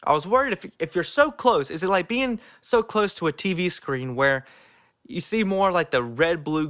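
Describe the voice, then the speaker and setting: Bright-voiced enthusiastic young man. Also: a little high. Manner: enthusiastic, many "like" fillers. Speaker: theme park vlogger. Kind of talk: casual review to camera.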